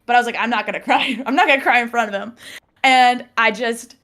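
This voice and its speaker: Woman guest, slightly high voice, lively storyteller who laughs a lot and acts out quotes. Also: quick pace. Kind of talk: casual storytelling chat.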